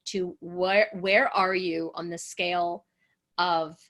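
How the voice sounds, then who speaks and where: A woman's voice: on the low side, level tone, slow pace, fairly bright tone. A woman relationship coach leading an online coaching session, earnest and encouraging, sometimes acting out the voices of people she describes.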